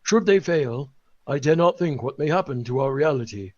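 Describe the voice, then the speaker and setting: A man's voice: mid-range voice, lively intonation, moderate pace, a little mellow, highs cut off, lightly acted. A man voicing a solemn old male lore-keeper, reading a grave in-world excerpt.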